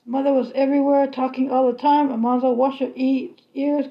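A woman reading a children's novel aloud in a steady, unhurried storybook manner. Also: high-pitched, highs cut off. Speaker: reader.

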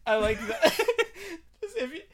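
A man's voice: very high-pitched, very animated, takes it slowly, fairly bright tone. A young man co-hosting a podcast, chatting casually and laughing often as he reads listener questions. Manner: playful, laughs often, jokey. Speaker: podcast co-host.

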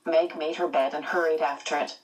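Low-voiced woman reading a novel. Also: steady tone, far from the mic, rough recording. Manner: measured storytelling. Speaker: audiobook reader. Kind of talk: scripted narration.

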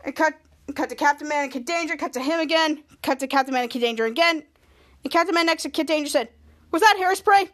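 Podcast host, woman, very high voice, loose rambling recap. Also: fast talker, fairly bright tone. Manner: rambling, repetitive "cut to" narration. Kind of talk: scene-by-scene episode recap.

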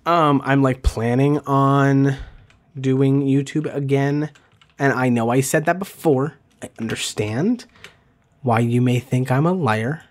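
A man hosting a casual solo podcast, rambling with many fillers and restarts, self-deprecating and talking fast. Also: mid-range voice. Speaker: podcast host.

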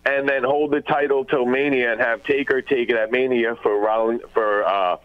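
A man's voice: mid-range voice, fairly even intonation, normal speed. A man calling in to a radio show, giving a long run-on explanation with fillers. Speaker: caller. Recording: lo-fi phone line.

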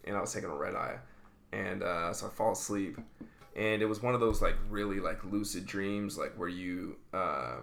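A man's voice: sits low, normal speed, vocal fry, fairly bright tone, roomy sound. A man in a laid-back chat, telling a story with lots of swearing and filler words.

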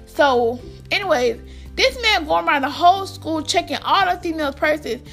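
A young woman from the United States telling a rambling, animated storytime to her viewers, full of fillers and restarts. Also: sits high, normal speed, soft background music. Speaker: vlogger. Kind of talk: casual storytime addressed to viewers.

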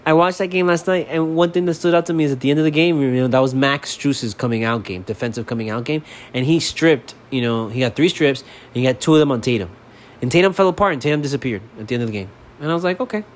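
Recording alone in his apartment with a little background noise, a Miami man rants casually on his sports podcast. He curses nonstop and moves between low, quiet mumbling and loud, animated bursts.

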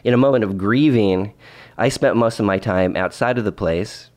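A man's voice: fairly low pitch, moderate pace, a little mellow. A man telling a travel story in a casual vlog, rambling with restarts and dry asides. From Oregon, United States. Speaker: vlogger.

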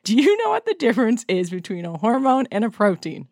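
A woman podcast host talking in an easygoing, chatty way, her pitch leaping up and down as she tells stories. Her voice sits close and dry, with no room sound around it. She giggles through her anecdotes. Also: huge pitch swings, a little fast, darkish tone, no room sound. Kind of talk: casual chat.

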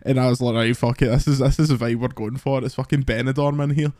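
A man's voice: mid-range voice, fairly even intonation, quick pace, dark tone, no echo. Guy on a podcast, dry jokes, lots of swearing, mid voice, dry close sound. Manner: dry joking, swears while telling stories. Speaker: podcast co-host. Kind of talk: casual chat.

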